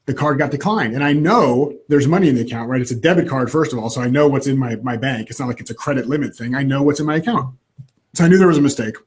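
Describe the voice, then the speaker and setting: Male guest, husky tone, animated storyteller, restarts a lot. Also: mid-range voice, fast talker. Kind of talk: personal storytelling in an interview.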